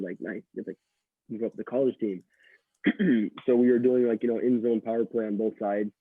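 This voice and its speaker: A man's voice: fairly low pitch, no room sound. A young man from Quebec, a college hockey player telling stories as a guest, rambling with many fillers and restarts. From Quebec, Canada. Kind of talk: casual storytelling interview. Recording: dry tinny call audio.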